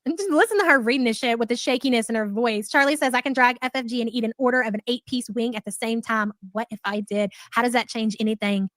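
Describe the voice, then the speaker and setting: A woman's voice: fairly high pitch, fast, few pauses, a bit bright, no room sound. A woman hosting a livestream, reading donation messages and giving brash, mocking commentary with plenty of swearing.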